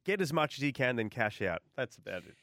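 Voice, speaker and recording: A man's voice: mid-range voice, fast, no echo. An Australian man hosting a motorsport radio show from a studio, reading listener texts and chuckling through banter. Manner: chuckling, animated, reads texts aloud.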